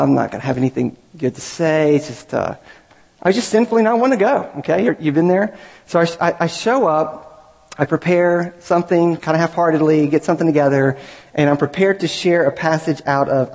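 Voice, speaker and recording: Male pastor, slightly high, breathy voice, earnest sermon delivery. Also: a little mellow. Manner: earnest, builds to raised emphatic peaks. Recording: reverberant hall.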